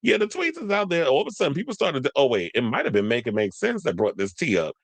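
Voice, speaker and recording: A man with talks gossip on his own channel, sassy and quick with asides. His voice swoops with lots of pitch movement. The sound is dry and close, with little room echo. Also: big pitch swings, gravelly. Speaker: commentary channel host. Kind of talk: casual gossip commentary.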